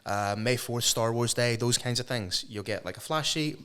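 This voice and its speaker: Male co-host, relaxed swearing banter, average pitch. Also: normal speed, clear, resonant tone. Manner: swearing, easygoing, asks questions. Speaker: podcast co-host. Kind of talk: casual chat.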